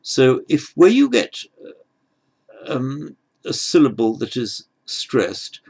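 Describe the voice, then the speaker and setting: A man teaching Sanskrit grammar in an unhurried lecture, patient and halting, often restarting his phrases. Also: medium pitch, very animated, creaky, a little mellow, breathy edge.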